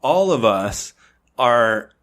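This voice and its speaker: A man's voice: mid-range voice, extremely slow. Chatty man telling a story. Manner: animated storyteller, acts out quotes. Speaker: podcast guest. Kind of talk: casual chat.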